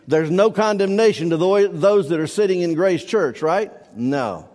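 A man's voice: sits high, lively intonation, moderate pace, hardly any pauses, a little mellow, in a large hall. A man preaching a sermon to his congregation, emphatic and repetitive, his voice rising and falling in force. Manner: emphatic, repeats key words, swells and drops in volume. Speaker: pastor. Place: church sanctuary.

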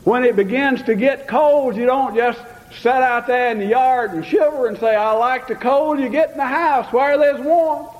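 A man's voice: very high-pitched, normal speed, hardly any pauses. An older man preaching a folksy sermon, mixing homespun stories with fervent calls to the Lord. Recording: dull lo-fi sound with long hall reverb.

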